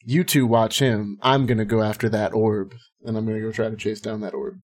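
A man's voice: fairly low pitch, fairly even intonation, a little fast. A man playing in a tabletop role-playing game, bantering and joking. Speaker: player.

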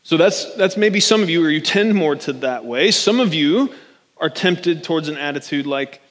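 Chatty, joking preacher in a long-echoing church. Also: male voice, fairly high pitch, animated, moderate pace, a bit bright. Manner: chatty and joking, often checks in with "right?". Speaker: pastor. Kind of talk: conversational sermon.

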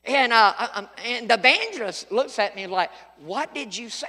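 A man's voice: very high voice, lively intonation, moderate pace, hardly any pauses, sharp tone, big-room sound. A middle-aged male pastor preaching a sermon, telling folksy stories with sudden emphatic outbursts.

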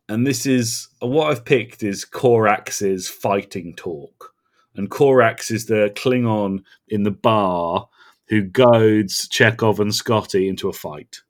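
A man in casual podcast chat, enthusiastically quoting favourite lines and laughing along. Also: on the low side. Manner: enthusiastic, quotes lines with relish. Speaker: podcast co-host.

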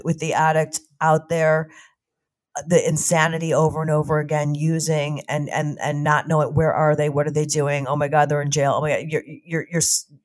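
A woman in recovery telling her own story in an emotional, halting way, often repeating words. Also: low-pitched. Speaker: guest in recovery from addiction.

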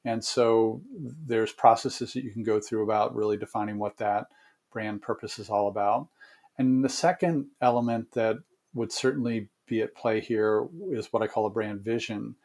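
A man giving long, measured answers as a guest consultant in an interview, with frequent fillers and restarts. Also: fairly low pitch, steady tone, creaky, a little mellow.

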